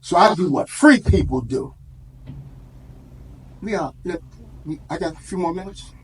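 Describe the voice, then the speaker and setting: A man's voice: high voice, animated, a little slow, husky. A man giving an impassioned speech to a live audience, preacherly, with call-and-response and street vernacular. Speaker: community organizer speaking at an event.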